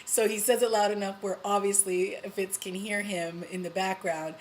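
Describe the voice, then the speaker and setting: Chatty woman excitedly recapping a TV episode. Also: medium pitch, normal speed, rough recording. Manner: chatty and excited, full of you-knows and little laughs. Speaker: TV review vlogger.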